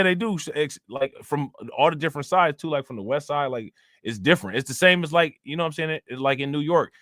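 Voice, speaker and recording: A man's voice: mid-range voice, fairly bright tone, dry recording, studio quality. A young man hosting a live stream, chatting in a loose, rambling and profane way while answering his chat. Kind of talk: casual live-stream commentary.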